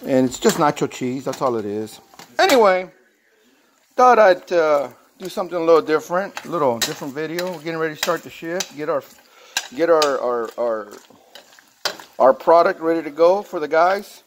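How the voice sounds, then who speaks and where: A man's voice: a little high, animated, moderate pace, background noise. Folksy Texan man, rambling. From Texas. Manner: rambling, folksy, filler-heavy talk. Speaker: mechanic shop worker sharing a recipe. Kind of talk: casual how-to vlog.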